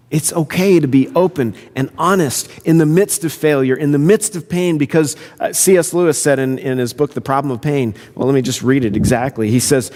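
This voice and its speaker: A man's voice: fairly high pitch, fairly quick, hardly any pauses, a little mellow, big-room sound. A man pastor preaching a sermon in an earnest, conversational way. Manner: conversational, earnest, self-interrupting.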